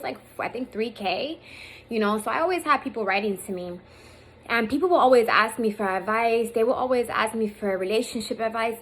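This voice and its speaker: Talking heartfelt and casual to camera, a woman in her thirties rambles with lots of fillers and sometimes nearly cries. Her voice is medium-pitched, and the low-quality self-recorded audio carries a little hiss or hum.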